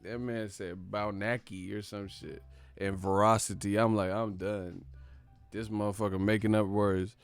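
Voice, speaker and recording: A man's voice: on the low side, flat delivery, unhurried, clear, resonant tone, dry recording. A young man hosting a live stream about boxing, casual and profane, laughing often and mimicking commentators. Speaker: boxing channel host.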